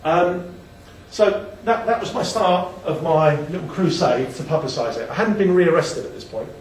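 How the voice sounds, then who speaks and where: Expressive and a little high in pitch, this man talks through his slides at normal speed in a chatty, self-deprecating manner, frequently restarting his sentences. The recording carries room echo from a distant mic along with slight background noise.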